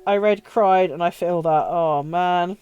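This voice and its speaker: A woman's voice: lowish voice, a little slow, a little mellow, smooth, lo-fi sound, faint music behind. A woman live-streaming a game, chatting casually with her viewers, swearing freely and laughing often. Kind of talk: casual live-stream chat while playing.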